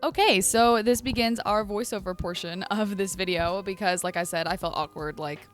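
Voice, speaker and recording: A woman's voice: mid-range voice, moderate pace, over music. A young woman chatting in a casual, bubbly vlog, full of fillers, filmed at home and out on the streets. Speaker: vlogger. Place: apartment, then city streets and shops. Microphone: handheld camera.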